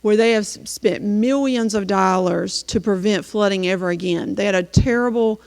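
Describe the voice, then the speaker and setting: A woman teacher walks an audience through her slides and tells the story in an easy, chatty way, stopping often on an "um." Her mid-pitched voice rings out through a large hall with a long reverb tail. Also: normal speed, vocal fry, a little mellow. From North Carolina, US. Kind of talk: slideshow presentation.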